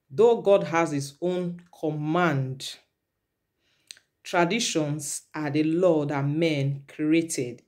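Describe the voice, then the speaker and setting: A woman's voice: low voice, darkish tone. Nigerian woman vlogger, preachy and repetitive, mixes in Pidgin. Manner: lecturing, repetitive, slips into Pidgin. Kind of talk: preachy commentary vlog.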